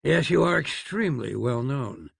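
A man's voice: medium pitch, expressive, normal speed, vocal fry, fairly bright tone, slightly rough, no room sound, studio quality, heavily acted. A man voicing a fussy, courteous elderly doctor in a storybook reading. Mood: prim. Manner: prim, courteous, flustered.

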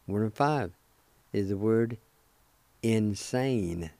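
A man leads a radio language lesson in a mellow, somewhat low voice. He speaks very slowly and deliberately, spelling each word letter by letter and repeating it several times. The sound is dry and close, with no room around it. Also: expressive, creaky, no room sound. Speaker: radio language teacher and host.

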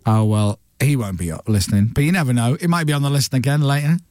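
A man hosting a radio breakfast show, telling stories in a chatty, animated way into a studio microphone. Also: medium pitch, no echo. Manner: chatty storyteller, quick and animated. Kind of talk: casual studio chat.

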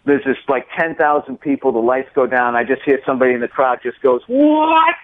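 Animated storytelling man on a tinny line. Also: medium pitch, fast talker, dry recording. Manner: animated storyteller, acts out voices. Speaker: comedian guest. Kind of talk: casual interview chat. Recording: tinny phone-line sound, dry.

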